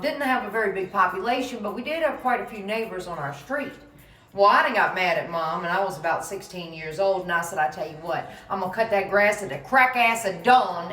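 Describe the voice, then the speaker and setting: Middle-aged lady spinning a yarn, animated and folksy, roomy echo, mic a ways off. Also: medium pitch. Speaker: storyteller. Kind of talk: casual storytelling to camera. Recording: roomy, voice from a distance.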